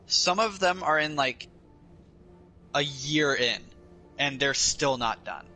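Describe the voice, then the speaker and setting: Bright-voiced hesitant young man. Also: on the high side, lively intonation, slow, faint music behind. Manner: hesitant, searching for words, many restarts. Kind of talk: casual chat.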